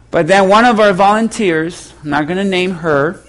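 A male pastor preaching a sermon in a lively, conversational storytelling way, poking fun at himself. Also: high-pitched, rough recording. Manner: animated, conversational, self-mocking.

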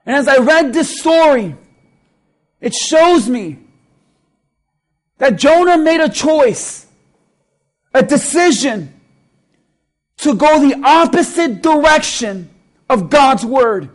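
A man preaching a sermon as pastor, retelling a story and building emphasis through slow repetition. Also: very high voice, lively intonation.

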